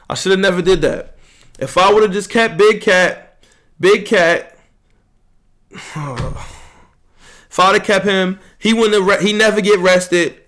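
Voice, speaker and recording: A young man with a noticeably high voice hosts a loose podcast chat. He brags, trash-talks his friends and swears freely, and his words tumble out in quick bursts. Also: a bit bright. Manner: boastful, heated ribbing of friends, swearing. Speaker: podcast host. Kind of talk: casual trash-talking chat.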